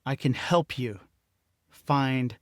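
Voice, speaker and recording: An earnest male diplomat, as a man voices him pleads for peace in a sincere, urgent way. The voice sits at a middle pitch, and the recording is dry and close. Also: very slow, no room sound.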